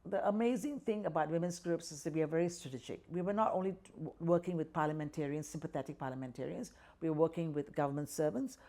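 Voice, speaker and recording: A woman's voice: low-pitched, quick pace, hardly any pauses, dark tone. An older woman from Malaysia with a Malaysian English accent, speaking passionately in an interview and acting out what others say. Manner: passionate, acts out quoted voices, frequent "right?" and "you know". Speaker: activist guest. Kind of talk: conversational interview.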